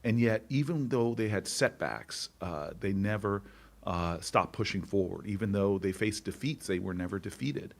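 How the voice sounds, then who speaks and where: A man's voice: fairly low pitch, animated, creaky. A middle-aged man, a senator, speaking as an interview guest in a stirring, oratorical way and repeating phrases for rhythm. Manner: slow, emphatic delivery. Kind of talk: interview with speech-like rhetoric.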